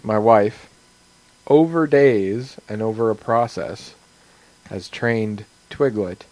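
A man's voice: on the low side, darkish tone, poor audio. A man co-hosting a casual podcast, rambling and joking with sighs and restarts. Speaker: podcast co-host.

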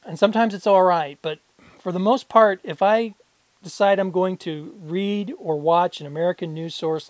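A woman's voice: fairly low pitch, a little mellow, no echo. Podcast co-host, woman, loose rambling delivery, dead-dry mic. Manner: rambling, frequent restarts and laughs. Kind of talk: casual chat.

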